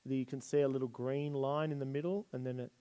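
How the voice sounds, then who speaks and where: A man's voice: mid-range voice, little pitch movement, quick pace, warm tone, clean tone. A man giving a casual Bible history lesson at a church. He retells stories in plain everyday speech while pointing at slides.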